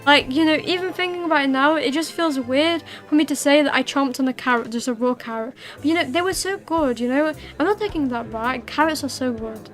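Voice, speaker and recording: A woman's voice: high voice, fairly quick, few pauses, soft background music. A young woman hosting a livestream, chatting casually with her viewers in a rambling way full of fillers and restarts. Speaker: livestream host. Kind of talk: casual chat with viewers while streaming.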